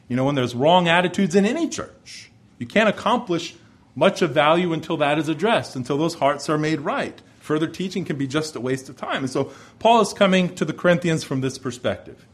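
Male pastor, slightly high-pitched, emphatic expository preaching with repetition. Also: expressive, fairly quick, slightly rough. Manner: emphatic, repeats key phrases, acts out voices of the listeners. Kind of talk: expository sermon.

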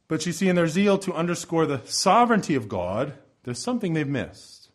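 A male pastor preaching a sermon in a church over the sound system, impassioned, swinging between loud pleading and soft low asides. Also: very animated, fairly quick. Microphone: church sound system microphone.

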